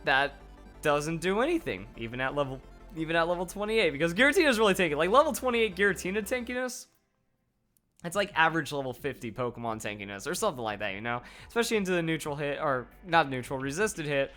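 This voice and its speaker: A man giving excited play-by-play commentary on a video game battle, his voice going hoarse. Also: a little high, faint music behind. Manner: hype, rapid play-by-play with exclamations. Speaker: gaming YouTuber.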